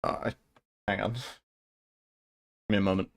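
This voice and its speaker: A man's voice: fairly low pitch, level tone, normal speed, vocal fry. A man streaming a speedrun, chatting casually and rambling as he answers his chat, with some casual swearing. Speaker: livestreamer and speedrunner.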